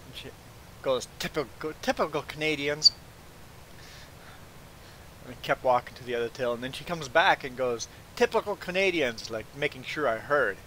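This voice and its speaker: Livestreaming a farming game, a man from Belize shares a casual story in a mid-range voice, talking fairly quickly. Animated, he acts out whoever he quotes and stumbles over repeated "I"s, and the poor-quality audio carries slight background noise.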